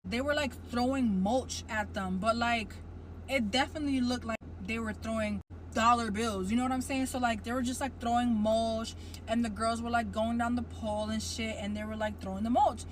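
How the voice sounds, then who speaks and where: A woman's voice: a little high, steady tone, normal speed, slight background noise, low-quality recording. A woman telling a story in a casual, blunt and profane way, speaking straight to her viewers. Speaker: storyteller in a clip.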